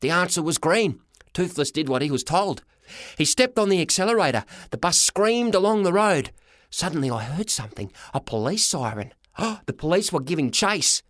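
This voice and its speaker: A man narrating a children's story as a boy, with a lively, dramatic reading. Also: a little high, normal speed, no room sound, studio quality. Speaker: audiobook reader. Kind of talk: storybook narration in a boy's first person.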